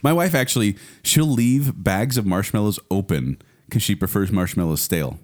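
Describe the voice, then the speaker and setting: Man, middle-aged, low voice, lively swings in pitch, joking podcast chat. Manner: playful, quick to laugh. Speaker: podcast co-host. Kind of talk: casual chat.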